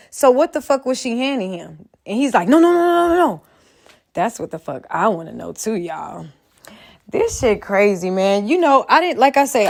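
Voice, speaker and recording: Brief: woman vlogger, fairly high voice, profane and emphatic, talks straight to camera. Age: adult, a mother. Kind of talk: casual commentary rant.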